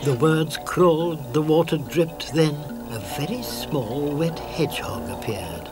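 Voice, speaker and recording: Older British narrator, lively storybook reading with music underneath. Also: male voice, on the high side, measured pace. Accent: British English. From Britain. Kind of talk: storybook narration for a children's cartoon.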